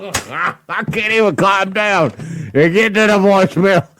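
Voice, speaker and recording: Pushed, bright and sitting high, this radio host's voice fills a rowdy prank-call segment in the studio where he laughs a lot while mocking a coworker. The poor-quality audio carries a little hiss or hum.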